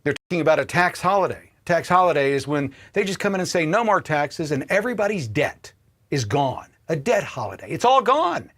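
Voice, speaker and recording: Man, political livestream host, heated profane rant, highish voice, wildly animated pitch. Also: fairly quick. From Indiana, US. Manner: heated, profane, swings between shouting and muttering. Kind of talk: ranting livestream commentary.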